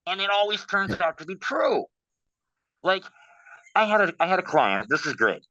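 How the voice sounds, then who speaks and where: Man, casual interview talk, animated storyteller, dry muffled sound. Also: sits high, normal speed, no room sound. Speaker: guest practitioner.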